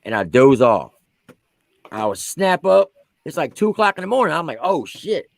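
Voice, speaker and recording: A man's voice: fairly high pitch, big pitch swings, moderate pace, vocal fry, no echo. A man, an army veteran who served as a drill sergeant, telling a story on a podcast in casual slang and acting out the quotes.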